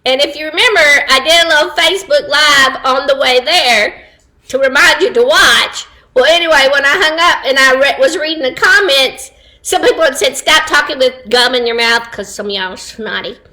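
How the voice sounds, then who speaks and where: A woman hosts a livestream from home, chatting casually with online viewers, laughing often and drifting into asides. Her voice sits high and has a sharp tone, and she talks at a normal speed.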